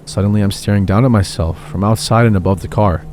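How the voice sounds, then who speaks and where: A man calmly telling horror stories in steady scripted narration. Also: fairly low pitch, fast, a little hiss or hum. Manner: calm, steady storytelling. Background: faint background music.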